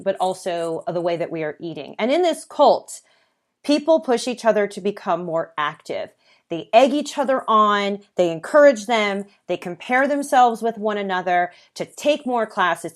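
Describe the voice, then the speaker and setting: A woman hosting her own podcast, talking earnestly and conversationally, with lists and the occasional filler. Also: mid-range voice. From United States. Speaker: podcast host. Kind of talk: solo podcast monologue.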